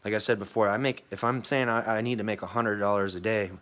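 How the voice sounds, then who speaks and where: A man's voice: lowish voice, steady tone, fast, fairly bright tone. A young American man telling a long story in a casual vlog, rambling and swearing, with many fillers and restarts. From United States. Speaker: vlogger.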